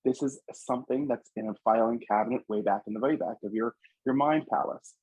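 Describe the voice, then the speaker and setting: This Louisiana man is a psychic medium, sharing stories from his readings in an earnest, casual interview. His medium-pitched voice moves briskly with a breathy edge, and he quotes others with animation. There's no room sound, and the highs are cut off.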